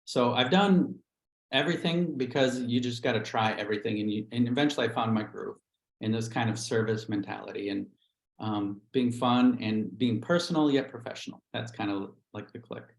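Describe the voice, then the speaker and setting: A man's voice: medium pitch, moderate pace, vocal fry, roomy sound, low-quality recording. A middle-aged man, a real estate agent, telling his career story candidly on a livestream interview, acting out quotes as he goes.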